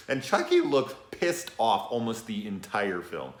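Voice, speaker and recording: A man's voice: deep voice, normal speed, slight background noise. Profane, rambling man reviewing horror films. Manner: profane, rambling, animated, sniffs often. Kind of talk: casual spoken movie review. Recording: echoey room.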